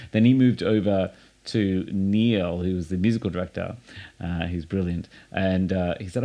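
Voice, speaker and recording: A man hosting a casual chat, telling anecdotes with lively acted-out quotes. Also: sits low, normal speed. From Australia. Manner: animated storyteller, acts out quotes. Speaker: podcast host.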